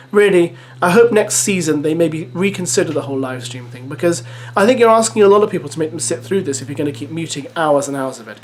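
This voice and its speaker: Lively man talking straight to viewers. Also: on the high side. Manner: chatty, addresses viewers as guys. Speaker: video host. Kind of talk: vlog commentary.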